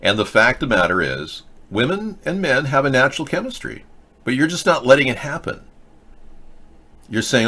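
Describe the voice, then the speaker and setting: Blunt, lecturing man with a bright voice. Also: medium pitch, big pitch swings, unhurried, long pauses, breathy edge. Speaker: host. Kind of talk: live video chat commentary, answering viewer comments.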